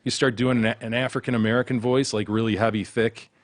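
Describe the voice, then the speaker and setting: A man's voice: mid-range voice, little pitch movement, fast. A man in a casual podcast chat who argues his point by drawing distinctions. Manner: argumentative, lays out distinctions.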